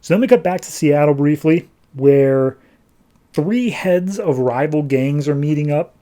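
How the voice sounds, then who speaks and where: A man's voice: a little high, lively intonation, unhurried, warm tone. A man hosting a podcast, giving an enthusiastic, casual recap of a comic book and swearing now and then. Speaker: podcast host.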